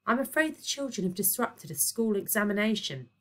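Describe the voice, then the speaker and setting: A woman's voice: mid-range voice, big pitch swings, brisk, a bit bright, pitched above the performer's own voice. A woman voicing a timid, hesitant male headmaster with a mild voice. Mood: meek. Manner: meek, hesitant.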